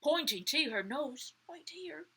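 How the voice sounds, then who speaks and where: A woman reading a story aloud to children, animated, often dropping to a whisper to ask the listener questions. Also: sits high, a little slow, low-quality recording.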